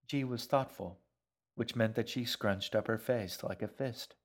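A man with a fairly low voice reads a novel aloud. His storytelling is measured and even, with a steady, deliberate pace. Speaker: narrator. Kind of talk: audiobook narration.

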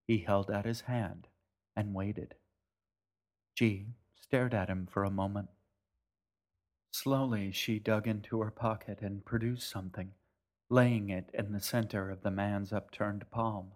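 A man narrating a story in a calm, measured way. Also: fairly low pitch. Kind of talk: scripted narration.

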